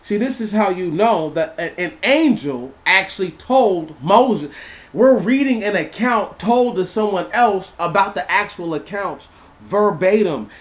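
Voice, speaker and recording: A young man, a Bible teacher with a somewhat high voice, reads old scripture verses aloud and then pauses to explain them loosely and conversationally. He speaks a little slowly and animatedly, repeating words, restarting sentences, and asking his listeners questions to make sure they're following.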